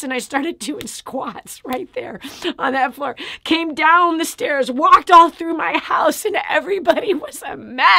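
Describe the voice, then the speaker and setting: A woman's voice: extremely high pitch, unhurried, bright, forceful tone, no echo, clean studio sound. A woman giving a personal testimony and preaching, dramatic in delivery and often dropping to a whisper. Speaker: Christian motivational speaker.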